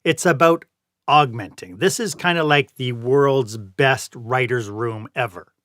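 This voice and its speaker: Male interview host, mid pitch, dry recording, summarizing. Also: a little slow, a bit bright, no room sound. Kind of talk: conversational interview.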